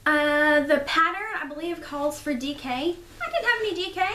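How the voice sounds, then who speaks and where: A woman's voice: high-pitched, normal speed, sharp tone, a little hiss or hum. A young woman hosting a casual crafting video, chatty and self-deprecating with rambling asides. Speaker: podcast host. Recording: echoey room.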